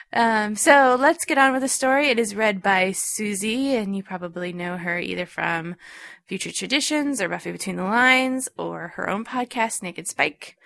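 A woman podcast host with a gravelly, creaky edge, rambling and correcting herself as she sets up the next reading. The sound is dry and close. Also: on the high side, fairly bright tone, no echo. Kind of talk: casual podcast intro.

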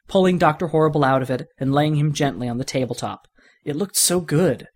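Man, story reader, expressive narration, mid-pitched. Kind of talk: reading fan fiction aloud.

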